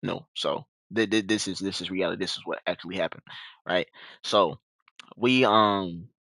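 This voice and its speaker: A man's voice: moderate pace, creaky, no room sound. A young man telling a story in a casual, slangy way, acting out the quoted lines in a raised voice. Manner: animated, slangy, acts out quotes in a high voice.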